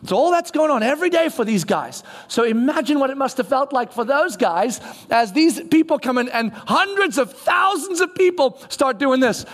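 High-voiced, animated preaching man. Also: moderate pace. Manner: animated storytelling, acts out voices of the people he describes. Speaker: pastor. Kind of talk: sermon.

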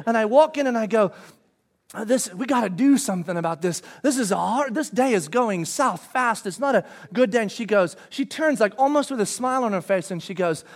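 A middle-aged man telling a family story to an audience, animated, bursting into shouted quotes. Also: extremely high pitch.

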